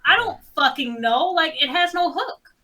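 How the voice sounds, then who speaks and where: A woman with a high, bright voice giving an emphatic critique in a casual movie review chat. She sits somewhat away from the microphone, so she sounds distant. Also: animated, normal speed. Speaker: podcast co-host.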